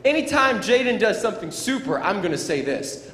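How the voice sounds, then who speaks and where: Motivational speaker, male, playful and high-voiced, heard in a reverberant hall. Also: sing-song, moderate pace, few pauses. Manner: playful, acts out scenes for children. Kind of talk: animated school assembly talk. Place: school gym or auditorium. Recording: echoey hall, faint crowd noise.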